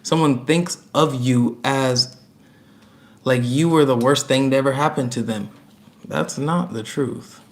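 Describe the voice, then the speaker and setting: A man's voice: medium pitch, a little slow. A man giving a casual, chatty tarot reading to camera, emphatic and prone to repeating himself, with laughs between points. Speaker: tarot reader.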